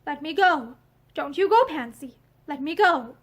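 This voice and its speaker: A woman's voice: sits high, expressive, measured pace. A woman reading an anxious protective sister.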